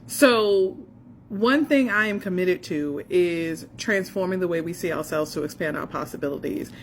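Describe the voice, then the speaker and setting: A woman's voice: on the low side, normal speed, a little hiss or hum. A woman in her forties, a faith coach, sharing an earnest and emotional personal testimony and speaking straight to the listener. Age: 40s.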